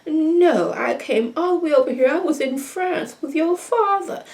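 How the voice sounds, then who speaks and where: A woman voicing a haughty, bougie older mother who talks in hushed, drawn-out, disapproving murmurs. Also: high-pitched, animated, recorded from a distance, pitched above the performer's own voice. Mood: menacing.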